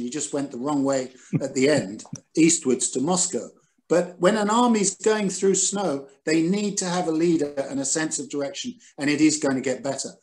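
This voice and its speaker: A man in his sixties, a former editor, telling stories over a video call with animated, self-deprecating energy. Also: fairly high pitch. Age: 60s. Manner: animated, self-deprecating, quotes others dramatically. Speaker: guest, former newspaper editor. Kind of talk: recalled anecdotes in a Zoom conversation.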